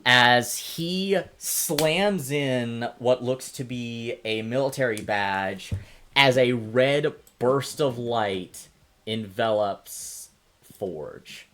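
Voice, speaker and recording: A man runs a tabletop game as its game master, setting scenes at an unhurried, deliberate pace. His narration stays measured, then swells with emphasis as the moment builds. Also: mid-range voice, a bit bright. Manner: slow, deliberate narration with rising emphasis on speeches.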